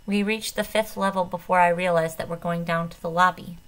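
A woman reading a novel aloud in the first person, with an expressive, dramatic delivery. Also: lowish voice, a little fast, rough recording. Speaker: audiobook reader. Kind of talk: first-person audiobook narration.

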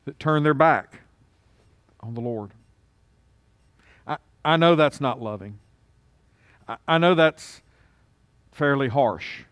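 Preacher guy, smooth clear voice, slow, drops quiet then gets loud and urgent. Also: mid-range voice, no echo. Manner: swings from hushed solemn to loud urgent pleading. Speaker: pastor. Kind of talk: sermon.

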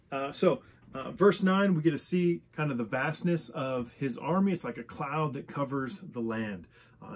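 A man's voice: mid-range voice, darkish tone, breathy edge. A man teaching a Bible study, reading scripture verses aloud and explaining them with frequent "uh" fillers and restarts. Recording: church service recording.

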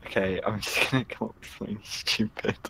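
A man's voice: on the low side, steady tone, fairly quick, gravelly, pushed and bright, breathy edge. A man in a casual voice chat with friends who sounds nervous and self-deprecating.

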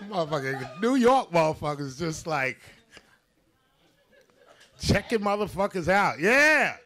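Loud, profane, high-voiced stand-up comic. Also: male voice, very animated, unhurried, pauses often, a faint crowd, a little hiss or hum. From Haiti. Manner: loud, profane, acts out voices of people in his stories. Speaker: stand-up comedian. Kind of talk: stand-up set. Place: comedy club stage with live audience. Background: audience laughter.

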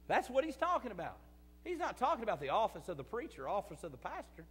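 A man preaching a sermon as pastor, swinging between loud emphatic bursts and quiet confiding asides, repeating phrases for emphasis. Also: high-pitched, wildly swooping pitch, fast talker, husky. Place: church sanctuary. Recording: church hall reverb.

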